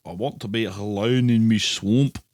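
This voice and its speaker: A man voicing a grumpy ogre who wants to be left alone, in a gruff, sulky Scottish accent. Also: on the low side, fairly even intonation, moderate pace, a little mellow, close to an everyday voice.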